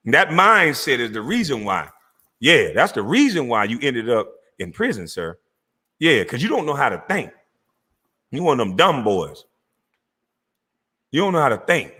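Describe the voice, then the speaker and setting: On the channel he hosts, a middle-aged man in Georgia, USA, unleashes a furious, profanity-laced rant at the camera with a medium-pitched voice. He mocks and confronts, bursting into laughter and shouting along the way.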